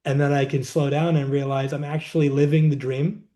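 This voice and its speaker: A man as a podcast guest, calmly explaining a wellness practice in a reflective, conversational way, seated indoors. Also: fairly high pitch. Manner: reflective, unhurried, says "like" often. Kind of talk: conversational interview, teaching.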